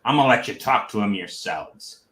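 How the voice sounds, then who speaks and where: A sly goblin chieftain barks showy orders, as a game master puts him on. His voice is bright and ringing, and it carries in an echoey room. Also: fairly low pitch, lively intonation, fairly quick, voice pushed down. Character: goblin leader, male, sly and bossy.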